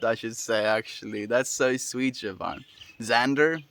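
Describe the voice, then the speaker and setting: A man hosting a daily livestream, reading chat comments aloud and answering them in a relaxed, friendly way with lots of fillers. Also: mid-range voice, unhurried. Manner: relaxed and friendly, many fillers, laughs often. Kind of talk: casual chat.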